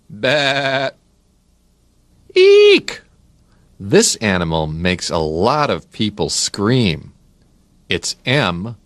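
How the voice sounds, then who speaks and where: A man's voice: lowish voice, dry recording. A middle-aged man reading a children's read-along book, spelling words letter by letter and making playful animal sounds.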